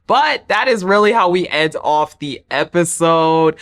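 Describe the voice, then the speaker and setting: A woman's voice: lowish voice, lively intonation, unhurried. A woman giving a casual, opinionated reality-show recap in a chatty, playfully dramatic way. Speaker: TV recap vlogger.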